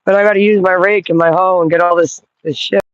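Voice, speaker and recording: A woman's voice: on the low side, fairly even intonation, fast, dry recording, muffled recording. A woman vlogging from her yard in a loose, rambling way, cooing at dogs and swearing casually. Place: outdoors in a yard.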